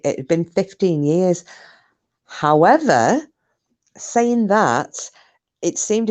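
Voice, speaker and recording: A woman narrates a true story to her viewers in a relaxed, conversational way, wandering off into asides. Her voice sits very low for a woman, and she takes her time over every phrase. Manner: chatty and digressive. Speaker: online storyteller. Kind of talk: casual spoken storytelling.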